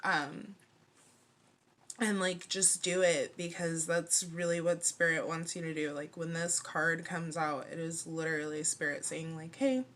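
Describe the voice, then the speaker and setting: Slow-talking lady doing a tarot reading, kinda low voice, super casual and chatty. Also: little pitch movement, fairly bright tone. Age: 30s. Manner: chatty, fillers of "like", frequent laughter, playful slang. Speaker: tarot card reader.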